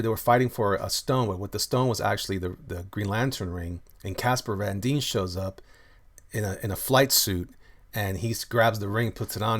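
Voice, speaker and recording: A man who makes comics chatting casually on a live stream, rambling with many restarts while he shows his artwork and reads viewer comments. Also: on the low side. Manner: rambling, many restarts and fillers, loose and friendly. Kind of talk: casual livestream chat reading viewer comments.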